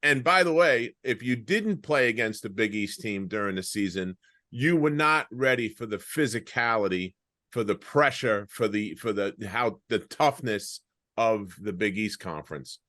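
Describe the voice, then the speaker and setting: A man's voice: lowish voice, expressive, moderate pace, sharp tone, no echo, studio quality. Rambling Long Island man hosting. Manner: rambling, peppered with "you know". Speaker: podcast host, former player. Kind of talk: casual podcast interview. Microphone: video call.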